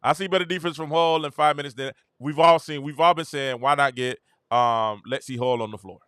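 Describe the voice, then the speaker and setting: A man hosting a casual sports commentary livestream, talking in an animated, slangy and rambling way, often repeating himself. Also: fairly high pitch, a little fast, smooth, no room sound, studio quality. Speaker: host.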